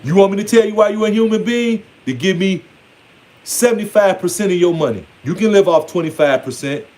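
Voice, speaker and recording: High-voiced man giving a blunt rant. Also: brisk, darkish tone. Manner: blunt, mocking, playfully scolding. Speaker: spiritual speaker. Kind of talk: casual preaching monologue.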